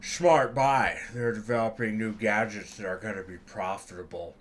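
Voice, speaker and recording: A man's voice: fairly low pitch, fairly even intonation, moderate pace, close to an everyday voice. A man doing a smug, drawling tycoon. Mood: patronizing. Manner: drawling, self-satisfied, patronizing. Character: smug portly older male business tycoon.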